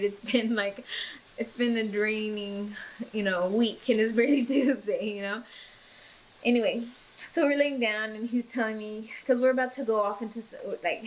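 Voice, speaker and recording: A woman's voice: mid-range voice, a little hiss or hum, rough recording. A young pregnant woman vlogging, chatting emotionally and giggling, with lots of fillers. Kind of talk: casual chat while cooking. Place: home kitchen. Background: food sizzling in a pan.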